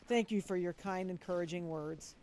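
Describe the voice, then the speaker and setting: A man giving live gameplay commentary and chatting with viewers, reacting loudly to the action and dropping to soft mutters in between. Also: high-pitched, moderate pace, noisy background. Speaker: gaming streamer.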